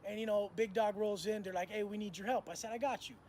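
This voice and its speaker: Telling prison stories in crude street slang, this storyteller voices the other people in his tales during a casual monologue. He speaks fast in a high, darkish voice with fairly even intonation, and there's a little hiss or hum.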